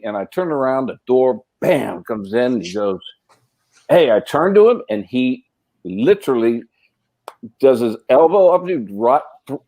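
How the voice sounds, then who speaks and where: A middle-aged actor appears as a podcast guest, spinning casual anecdotes that ramble with restarts and fillers. He gets animated whenever he acts out what other people said. His mid-range voice comes through a dry, rough recording.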